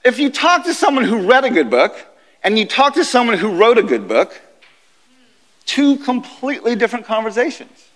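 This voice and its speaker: High-voiced man preaching in an echoey chapel. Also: moderate pace. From United States. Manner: animated storytelling, conversational. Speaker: guest chapel speaker. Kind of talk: sermon. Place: university chapel.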